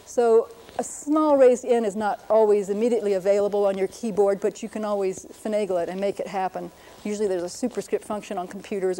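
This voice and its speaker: A woman's voice: mid-range voice, fairly even intonation, fairly quick, mellow, slight background noise. A middle-aged woman linguist giving a patient, lightly humorous lecture on writing systems. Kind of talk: classroom-style lecture.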